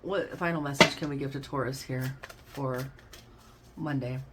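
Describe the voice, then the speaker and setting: A woman's voice: extremely low pitch, steady tone, normal speed, very noisy. A woman giving a casual, effusive tarot reading, chatting to her listeners as babes and y'all. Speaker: tarot card reader.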